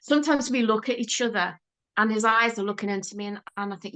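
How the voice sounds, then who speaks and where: A woman's voice: mid-range voice, fast. An older woman with a Liverpool accent, a guest telling stories in a casual chat. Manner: chatty, storytelling, lively.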